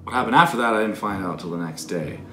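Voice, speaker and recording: A man's voice: lowish voice, lively intonation, fast talker, fairly bright tone. A man in his twenties telling a story in casual, profane, candid talk. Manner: profane, candid, self-critical. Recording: echoey room with background noise.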